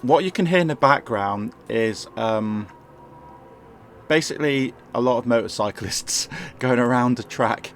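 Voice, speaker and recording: A man with a sore throat and a croaky voice, rambling and correcting himself as he casually talks through a management game at home. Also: medium pitch, a little slow, a little hiss or hum. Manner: rambling, self-correcting, chuckles often. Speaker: gameplay commentator. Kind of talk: casual game walkthrough commentary. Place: home, indoors.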